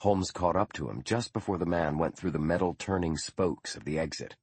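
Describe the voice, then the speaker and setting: A man narrating an audiobook in a measured, even storytelling manner. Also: deep voice, slightly rough, no echo. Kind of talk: scripted narration.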